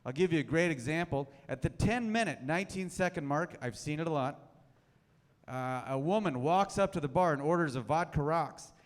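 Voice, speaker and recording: Brief: dry, self-mocking male comic, slightly high voice, reverberant club hall. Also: lively intonation, moderate pace. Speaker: stand-up comedian. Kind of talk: stand-up comedy set. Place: comedy club stage.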